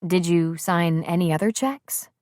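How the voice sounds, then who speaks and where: A woman voicing a kind young mother who speaks gently and patiently. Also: lowish voice, unhurried, no echo, studio quality, lightly acted. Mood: gentle.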